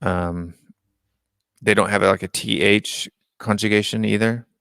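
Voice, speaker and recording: American guy hosting a chill live stream, lowish gravelly voice, dry close mic, reads chat out and chews on it. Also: fairly even intonation, unhurried, fairly bright tone, no room sound. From United States. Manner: reads out viewer comments and muses on them aloud. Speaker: live-stream call-in show host.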